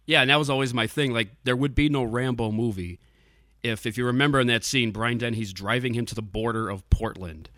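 A man's voice: medium pitch, brisk, pushed and bright, dry recording, studio quality. A man hosting a podcast, telling stories in a laid-back, loose way. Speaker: podcast host. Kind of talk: casual chat.

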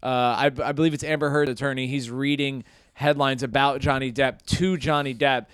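Smooth-voiced young man, rambling podcast banter. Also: mid-range voice, fairly even intonation, normal speed, fairly bright tone, dry recording, clean studio sound. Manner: jokey, rambling storytelling. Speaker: podcast co-host. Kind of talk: casual comedy podcast chat.

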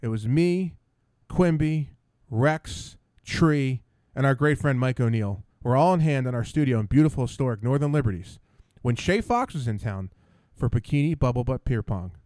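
A man's voice: medium pitch, animated, moderate pace, hardly any pauses, darkish tone, no room sound. Combative male host telling a story. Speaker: podcast host. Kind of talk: storytelling monologue.

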